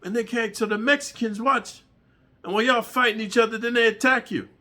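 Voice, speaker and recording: Animated, bright-voiced profane male storyteller. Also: very high-pitched, brisk. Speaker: channel host telling prison stories. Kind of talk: storytelling monologue.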